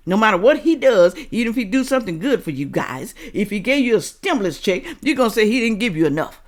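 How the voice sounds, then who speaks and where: A woman hosting a reaction video, giving blunt, scolding commentary that swings from low asides to loud outbursts. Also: very animated, quick pace, hardly any pauses. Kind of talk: opinionated commentary.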